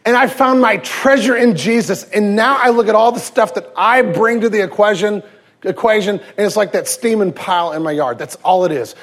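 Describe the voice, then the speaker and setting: A man in his thirties, a pastor preaching a sermon with lively storytelling, swinging from loud emphasis to hushed tenderness. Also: high-pitched, normal speed. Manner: acts out quoted voices and anecdotes.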